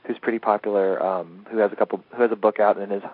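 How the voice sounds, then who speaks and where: This is a man with a somewhat low voice, answering questions in an eager, rambling way with easy laughter. He sounds like he is on a tinny phone line, dry and close with no room echo. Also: fairly even intonation, fast talker. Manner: enthusiastic, rambling, laughs easily. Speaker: interview guest, comics editor. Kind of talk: casual interview chat.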